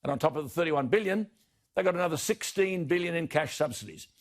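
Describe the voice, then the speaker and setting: An Australian man delivering an indignant broadcast opinion editorial, slowing down to hammer home key words. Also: on the high side, lively intonation. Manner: indignant, emphatic, slows for stressed words. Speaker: broadcast commentator.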